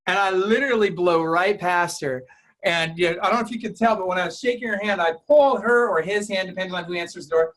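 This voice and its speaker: A man's voice: sits high, fast talker, a bit bright. A man coaching real estate agents in an interview, talking emphatically and acting out client dialogue.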